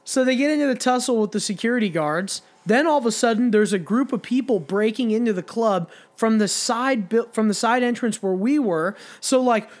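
A man's voice: very high voice, fairly quick, few pauses. A young man casually telling a long, profane bar story on a podcast, quoting the people in it. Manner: profane, rambling anecdote with quoted voices. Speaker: podcast co-host.

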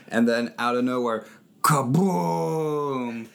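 A man's voice: takes it slowly, gravelly. A man co-hosting a podcast, recapping a movie in a jokey way and often breaking into silly voices. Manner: animated, jokey, jumps into squeaky character voices. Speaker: podcast co-host. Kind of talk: casual movie recap chat.

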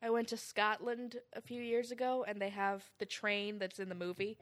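Young woman, comedian, dry deadpan delivery, casual podcast chat. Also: medium pitch, moderate pace. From California, USA. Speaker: comedian guest. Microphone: studio mic.

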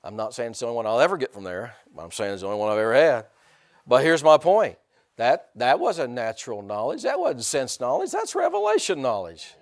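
A middle-aged male pastor preaching a conversational sermon, often repeating words, asking the congregation rhetorical questions and breaking into loud bursts. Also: mid-range voice, big pitch swings, fairly quick.

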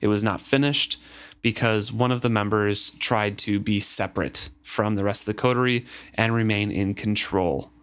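A man's voice: lowish voice, normal speed, a bit bright, smooth. A man co-hosting a casual book discussion, reading passages and thoughtfully explaining the plot.

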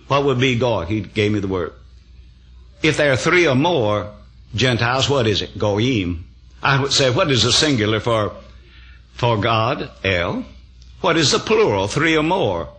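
A man's voice: medium pitch, fairly bright tone. An older man preaching a sermon, telling folksy stories with emphatic amens and chuckles. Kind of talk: sermon storytelling.

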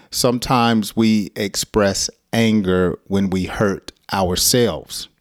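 Casual online lesson, slow, dry room, man. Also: lowish voice, dry recording. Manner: slow, deliberate, laughs often at his own examples. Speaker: English teacher.

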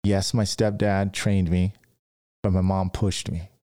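Low-pitched and mellow, with little pitch movement and a slightly slow pace, this man hosts a podcast as a dent repair business owner. He rambles through casual business tips, restarting himself and acting out stories.

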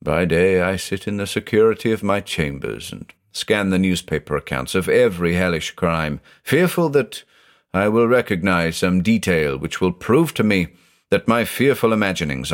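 A man's voice: deep voice, expressive, moderate pace. A man reading a haunted older judge who talks in an intense, growling, confessional way. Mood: anguished. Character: haunted, obsessive older male judge, brooding.

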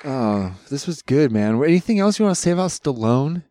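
A man's voice: medium pitch, sing-song, brisk, crowd noise, noisy background. A man co-hosting a podcast in loose casual chat, swearing freely and laughing along. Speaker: podcast co-host.

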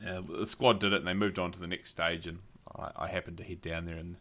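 A middle-aged man hosts a casual podcast chat in a very deep voice. His tone is bright and forceful. He tells loose, rambling anecdotes with plenty of laughter. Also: level tone, quick pace. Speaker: podcast host.

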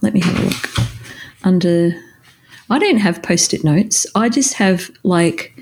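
A woman's voice: fairly low pitch, lively intonation, unhurried, a little mellow. A woman co-hosting a podcast in casual chat, rambling into asides and laughing often. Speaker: podcast co-host.

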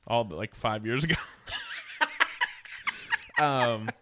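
A man's voice: mid-range voice, slow pace, very noisy. A man hosting a podcast in casual chat, joking crudely and laughing often. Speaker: podcast host.

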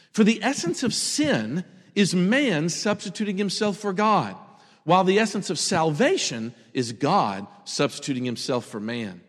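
Male preacher, fairly high voice, lively and chatty delivery, long hall reverb. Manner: animated, conversational, laughs often. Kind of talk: sermon.

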